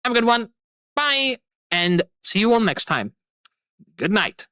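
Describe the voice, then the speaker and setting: A woman's voice: mid-range voice, very animated, a little slow, bright, forceful tone, no room sound. A young adult woman streamer signing off in casual chat, effusive and rambling, repeating her thanks over and over. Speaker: streamer host.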